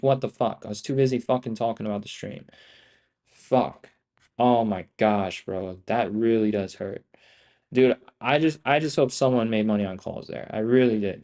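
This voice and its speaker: A young man streaming his day trading live, talking in a profane, excitable, rambling way and repeating himself. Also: medium pitch.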